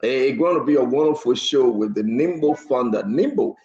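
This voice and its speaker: Animated man hosting a talk show. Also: medium pitch, normal speed, echoey room, dull audio. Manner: animated, laughing and teasing. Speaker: show host. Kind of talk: live political talk show. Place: New Jersey.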